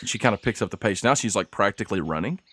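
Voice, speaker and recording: A man narrating as game master of a tabletop game, describing scenes in a relaxed, rambling way. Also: fairly low pitch, quick pace, slight background noise. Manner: relaxed, rambling, laughs easily.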